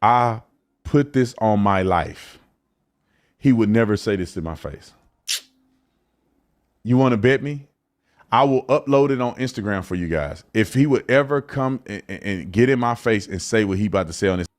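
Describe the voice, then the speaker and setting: A man's voice: on the low side, lively intonation, normal speed, pauses often. A man on a played clip from a commentary show, talking boastfully and confrontationally.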